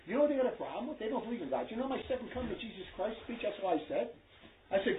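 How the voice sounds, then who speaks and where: A man's voice: sits high, lively intonation, rapid-fire. A man preaching to a small group in a blunt, emphatic, scolding way. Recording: echoey tinny phone-like recording.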